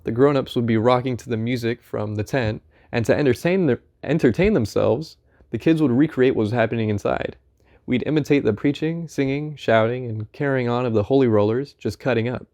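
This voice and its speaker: A man reading a first-person memoir aloud in an unhurried, conversational storytelling manner. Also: mid-range voice, warm tone. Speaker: audiobook narrator.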